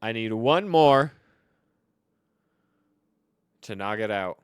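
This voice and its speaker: A man giving comedic card-game commentary, boastful and theatrical, swinging between loud outbursts and low mutters. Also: expressive, moderate pace, clean tone, no room sound, clean studio sound.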